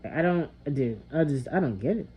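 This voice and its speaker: A man's voice: fairly high pitch, animated, normal speed, a little mellow, breathy edge. A young man venting in a casual monologue, rambling and frustrated, swearing often and trailing off into mutters. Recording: slightly dull lo-fi recording with faint background noise.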